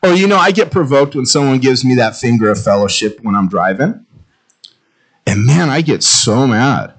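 A male pastor preaching a sermon in a conversational, self-mocking way, telling animated stories. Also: medium pitch, moderate pace.

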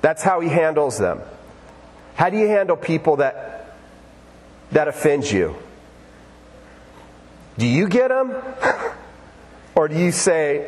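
A man pastor preaching a conversational sermon in a church sanctuary, animated and lively. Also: on the high side, unhurried, long pauses, a little hiss or hum. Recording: church hall with long reverb.

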